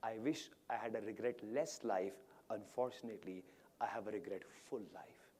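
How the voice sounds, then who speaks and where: A man on stage voicing a grieving widow in her fifties, hushed and tearful, sometimes dropping to a whisper. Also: on the high side, big pitch swings, fast.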